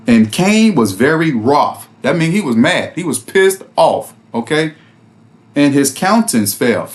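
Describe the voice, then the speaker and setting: Guy with doing bible commentary, laughs a lot, bouncy pitch. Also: big pitch swings, a little slow. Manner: laughs often, conversational and mocking. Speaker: bible study host. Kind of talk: casual commentary on scripture.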